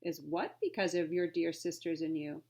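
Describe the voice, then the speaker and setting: A woman doing a calm, proper butler. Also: sits low, moderate pace. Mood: composed. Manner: composed, formal speech.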